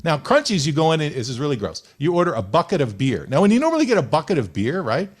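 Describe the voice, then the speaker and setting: A man's voice: a little high, fast, slightly rough. A young man hosting a radio show, chatting casually and telling jokey stories. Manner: animated, joking storyteller. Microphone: studio microphone.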